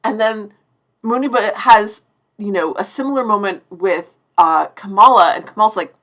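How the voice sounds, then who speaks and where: A woman's voice: fairly high pitch, expressive, moderate pace, fairly bright tone. A woman around forty hosting a live-stream TV review, effusive and chatty, often restarting her sentences mid-thought.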